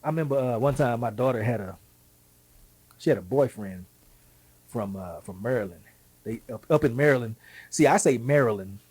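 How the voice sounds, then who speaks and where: A middle-aged Texan man hosting a show, talking in an animated, folksy monologue with quick asides and a husky voice. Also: mid-range voice. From Texas. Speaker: show host. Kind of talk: casual monologue.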